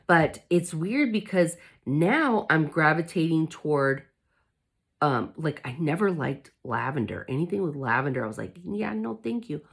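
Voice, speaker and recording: A woman's voice: deep voice, lively intonation, normal speed, breathy edge. A woman vlogger talking candidly to her viewers, emotional and determined as she recovers from illness. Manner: candid, emotional, fighting spirit. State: recovering from covid. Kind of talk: casual chat to camera.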